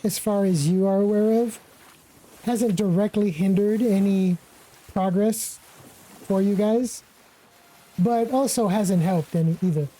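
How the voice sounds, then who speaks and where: A woman narrating as game master of a tabletop game, relaxed and full of casual fillers. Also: medium pitch, rough recording. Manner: relaxed, with many fillers like "kinda" and "like".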